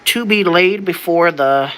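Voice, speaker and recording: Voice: medium pitch, unhurried, fairly bright tone, smooth, low-quality recording. A young adult streamer in casual livestream chat, reading an old document aloud in a slangy way, stumbling over words and sounding them out.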